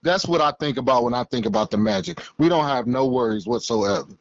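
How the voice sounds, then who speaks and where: A man's voice: mid-range voice, animated, fast, no room sound, dull audio. A male caller on a live sports call-in show, teasing and boasting in casual slang. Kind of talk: casual phone-in banter.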